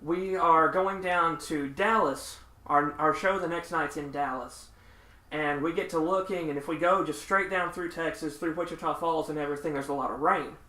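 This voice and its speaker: A podcast host, a man with a bright, slightly high voice, recounts tour stories with energy. He voices the people in the stories as he goes, and his laughter breaks in now and then. The sound is roomy and echoey. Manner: animated, laughing raconteur who acts out the people in his stories. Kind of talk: casual storytelling chat. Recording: echoey room.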